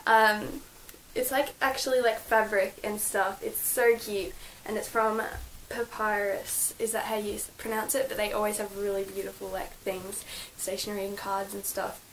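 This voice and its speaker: A woman's voice: medium pitch, level tone, moderate pace, few pauses, a little hiss or hum, rough recording. A young woman vlogging from her bedroom, gushing and chatty with lots of fillers as she shows her birthday gifts. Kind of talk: casual birthday haul vlog.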